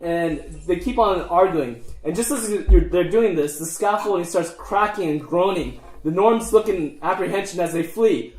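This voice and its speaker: A man narrating as game master of a tabletop game, halting and full of fillers and restarts. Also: high voice, a little mellow. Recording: echoey room.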